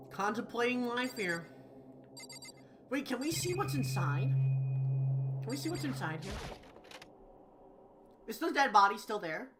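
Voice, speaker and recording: A woman's voice: on the high side, noisy background. A woman hosting a let's play and voicing the cast, joking and swearing in casual game commentary. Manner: joking, swears, laughs often. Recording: game music behind.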